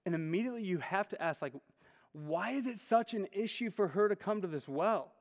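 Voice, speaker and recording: A man's voice: sits high, animated, brisk. A man preaching a sermon in a casual, conversational way, often saying "like". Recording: long hall reverb.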